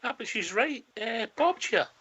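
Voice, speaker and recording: A man's voice: extremely high pitch, sing-song, normal speed, pushed and bright, husky, lo-fi sound. A man hosting a fan call-in show, bantering and joking with callers. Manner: friendly banter, jokey. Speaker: host. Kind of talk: casual radio call-in hosting.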